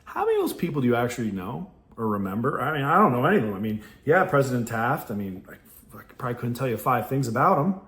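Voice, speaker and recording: A man from New York hosts a reflective podcast in a blunt, salty way, laughing often and reading passages aloud between his own remarks. His pitch swings widely as he talks. The room around him rings with echo. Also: big pitch swings, quick pace, fairly bright tone. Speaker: podcast host. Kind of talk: reflective casual monologue with read passages. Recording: roomy echo.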